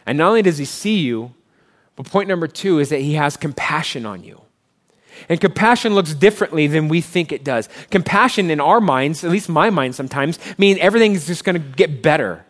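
A man preaching as pastor, conversational, rising for emphasis and dropping soft and low to console. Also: moderate pace. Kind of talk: sermon.

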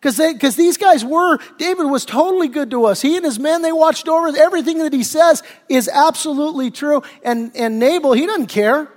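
A man preaching a sermon as pastor, animated, acting out the voices he quotes. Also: extremely high pitch, brisk, hardly any pauses. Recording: long hall reverb.

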